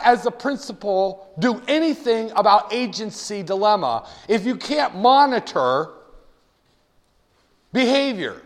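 A man's voice: very high voice, long reverb tail. A man lecturing a class in a jokey storytelling way, acting out little scenes. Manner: jokey storytelling, acts out voices.

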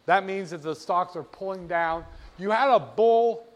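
A man teaching about stock charts in an animated, playful way, often asking the viewer rhetorical questions. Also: high voice, a little slow. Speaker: finance instructor. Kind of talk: screen-share lesson on market charts.

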